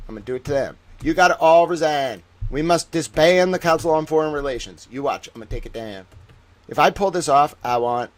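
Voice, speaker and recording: Guy on a livestream going off, kinda high voice bouncing all over, swearing and fake-mad. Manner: excitable, profane, mock-outraged ranting. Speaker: live streamer. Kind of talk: live-stream commentary while reading online.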